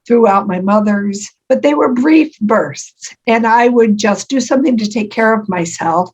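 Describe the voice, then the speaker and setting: An older woman being interviewed as an author, telling stories warmly with frequent ums and laughs. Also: a little high, unhurried, husky, low-quality recording. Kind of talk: conversational interview.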